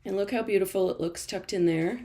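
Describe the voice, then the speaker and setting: A woman's voice: medium pitch, a little fast, mellow. Woman, art journaling teacher, live stream, chatty, encouraging, laughs often, studio. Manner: chatty and encouraging, reads out viewer comments. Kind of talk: live-stream crafting demo.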